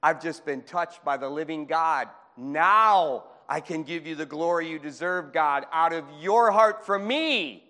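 A man preaching a fervent sermon in a church, moving between shouting and hushed speech. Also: a little high, unhurried, hardly any pauses. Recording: long hall reverb.

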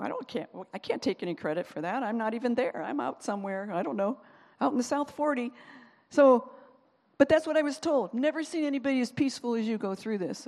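A woman's voice: fairly high pitch, creaky, darkish tone. A woman giving a chatty personal faith testimony, laughing often and stopping to search for words. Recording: long reverb, as in a large hall.

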